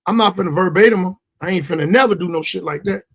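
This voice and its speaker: A man's voice: high voice, fast talker, husky. A man hosting a podcast, chatting loosely with profanity and frequent stammered restarts. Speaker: podcast host. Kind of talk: casual podcast chat.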